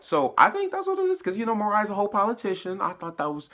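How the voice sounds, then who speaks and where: Guy doing a chill spoiler recap, bright voice, slangy and gets hyped telling the scenes. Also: high-pitched, fast talker, few pauses. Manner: chatty, retells scenes with bursts of excitement; laughs and uses slang while recapping. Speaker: TV episode reviewer.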